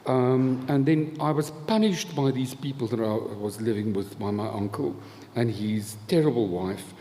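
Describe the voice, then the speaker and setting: In a festival event hall, a panel guest with a mellow, medium-pitched voice tells a meandering, humorous story about his past at a moderate pace. His manner is chatty, with frequent laughter and dry humour. The live hall adds reverb, along with faint noise.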